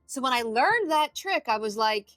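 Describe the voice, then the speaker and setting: Bright-voiced woman telling lively stories. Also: fairly high pitch, normal speed, dry recording, faint music behind. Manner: animated storytelling, acts out her own inner voice, swears freely. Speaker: addiction recovery expert and podcast guest. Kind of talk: casual podcast interview.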